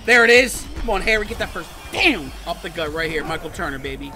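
A man doing excited gameplay commentary for his channel, swinging between muttered play-by-play and outbursts of shouting and cursing. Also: on the high side, fairly quick. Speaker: gaming channel host. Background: game music.

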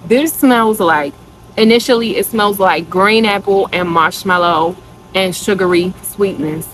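A woman's voice: on the low side, unhurried, fairly bright tone, slight background noise, low-quality recording. A woman vlogger chatting casually to her viewers in a product review, gushing and calling them y'all.

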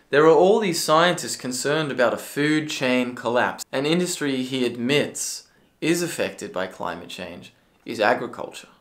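Sarcastic, swearing male ranter. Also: medium pitch. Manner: sarcastic, profane, bursts into yelling. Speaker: political commentary video creator. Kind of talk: ranting commentary.

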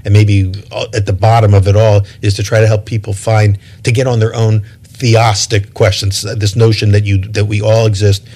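A man with a somewhat low voice talks at length as an interview guest. He is thoughtful and halting, often repeating words and restarting his sentences while he gathers his thoughts. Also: little pitch movement, darkish tone. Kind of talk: reflective interview talk.

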